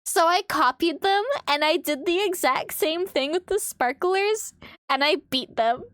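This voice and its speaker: A young woman streamer chatting casually while she draws, animated and swearing freely, laughing often. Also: very high-pitched, measured pace, no room sound, clean studio sound. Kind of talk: casual chat while drawing. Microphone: desk microphone.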